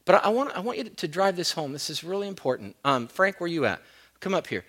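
A middle-aged man preaching a sermon as pastor, moving between loud emphatic points and quiet storytelling. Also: high-pitched, lively intonation, quick pace.

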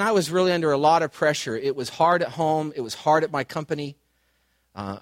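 Man, pastor, animated storytelling sermon, very high voice, excitable. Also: dry recording, studio quality.

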